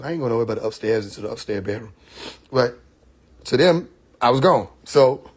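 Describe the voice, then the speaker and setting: A man's voice: mid-range voice, slightly rough. A man, hosting a casual livestream monologue, storytelling animatedly and mimicking mocking voices. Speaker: livestream host. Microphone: phone or computer mic on a live stream.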